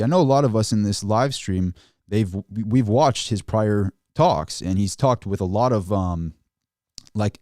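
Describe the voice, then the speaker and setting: A man with a lowish, dark, mellow voice talks through market charts on a live stream. He is animated and throws in mocking asides in quoted voices. The sound is dry and close. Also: a little slow, no room sound. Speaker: finance channel host.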